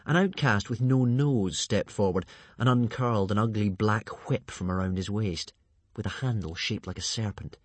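A man narrating a children's storybook aloud in an expressive, lively way. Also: on the low side, moderate pace, no echo. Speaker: audiobook reader.

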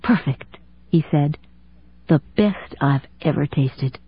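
Brief: woman narrator doing a tender, earnest grown man, husky and a touch low, thin phone-like sound. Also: slow pace, heavily acted. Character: adult man, divorced father, earnest lover. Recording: dry tinny phone-like sound.

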